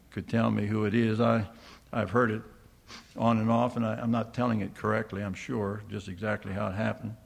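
With a creaky voice sitting on the low side, an older man preaches to his congregation. Reading from scripture, he speaks emphatically, firing off rhetorical questions and supplying the answers on his own.

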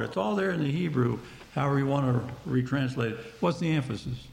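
A man's voice: mid-range voice, animated, fairly quick, gravelly, darkish tone, roomy sound. A man preaching a Bible-teaching sermon, speaking conversationally and explaining the text verse by verse to his listeners.

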